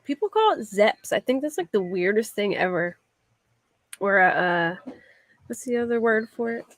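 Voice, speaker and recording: A medium-pitched, expressive woman with a Philadelphia accent speaks at normal speed, with no echo. Streaming live, she answers her chat in a loose, rambling way, full of fillers like "like."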